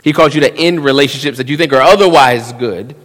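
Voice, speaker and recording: A man, preaching a sermon, swinging between hushed asides and loud emphasis and acting out quick quotes. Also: mid-range voice. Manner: drops into quick voiced quotes of young men. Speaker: pastor. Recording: long reverb of a church hall.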